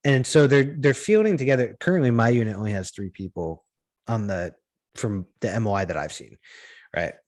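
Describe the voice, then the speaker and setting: A man's voice: lowish voice, brisk, a little mellow. A man co-hosting a podcast, chatting casually and ranting with a lot of swearing and restarts. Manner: profane, ranting, rambling with restarts. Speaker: podcast co-host.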